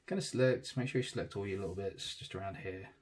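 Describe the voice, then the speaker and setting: A man, casually talking through a digital tattoo drawing in real time, thinking aloud and trailing off softly. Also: low-pitched, fast, slightly rough.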